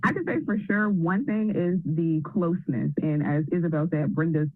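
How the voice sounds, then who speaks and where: A woman's voice: lowish voice, normal speed, dry recording. Earnest woman over a thin phone-like line. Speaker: program member. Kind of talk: casual group video call. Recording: thin phone-like dry sound.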